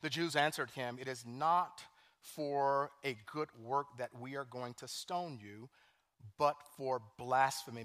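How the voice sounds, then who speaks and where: A man preaching a sermon as pastor, animated, swinging from hushed scripture quotes to loud emphasis. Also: mid-range voice, slow. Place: church sanctuary.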